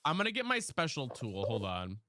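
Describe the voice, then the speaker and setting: Brief: male game streamer, bright and animated delivery, sassy and dramatic, faint hiss behind. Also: medium pitch, brisk, no room sound. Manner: sassy, dramatic, chatty with chat. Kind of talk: live gameplay streaming with chat.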